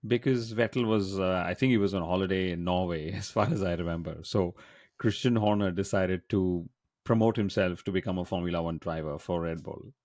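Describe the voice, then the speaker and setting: A man with a notably deep voice hosts a relaxed podcast chat. He tells stories playfully and drops cheeky asides. The sound is dry and close to the mic. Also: a little fast, no echo. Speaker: podcast host.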